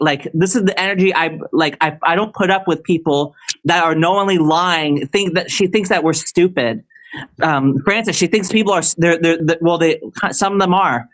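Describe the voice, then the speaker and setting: A man's voice: a little high, normal speed, a bit bright, poor audio. A man in casual livestream chat, answering a question in a rambling way, full of restarts and stammers, turning heated and confrontational as he rants. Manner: heated and confrontational when ranting.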